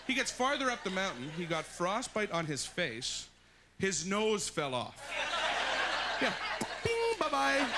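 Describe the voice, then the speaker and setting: A man doing an animated stand-up comedy set on a club stage, with exaggerated, punchy delivery. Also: high voice, noisy background. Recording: live set with loud audience laughter.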